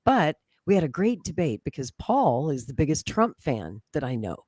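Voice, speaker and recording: A woman's voice: low-pitched, sing-song, normal speed, a little mellow, husky, no echo, studio quality. An American woman talking politics as a podcast guest, confident and talkative, with frequent restarts. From United States. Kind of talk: casual political chat.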